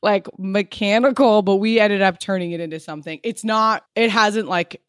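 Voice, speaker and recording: A woman's voice: mid-range voice, moderate pace, clean tone, no room sound, clean studio sound. Frank, rambling woman in her thirties. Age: 30s. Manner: frank, rambling, heavy use of "like". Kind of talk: candid personal chat.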